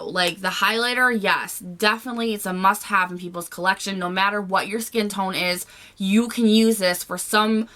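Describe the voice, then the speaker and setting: A woman's voice: mid-range voice, sharp tone. A woman giving a casual, gushing makeup review to camera, chatty and full of fillers. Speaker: beauty vlogger.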